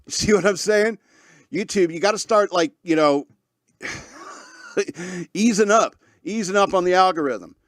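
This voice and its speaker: A man's voice: high voice, measured pace, pauses often, dry recording, clean studio sound. A man hosting a podcast, talking casually and rambling through his opinions with frequent restarts and chuckles. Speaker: podcast host.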